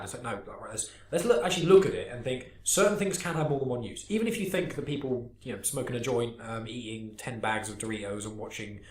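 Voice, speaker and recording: A man hosting a casual podcast chat, rambling and animated as he talks. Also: lowish voice, reverberant. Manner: rambling, animated, quick-talking. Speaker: podcast host.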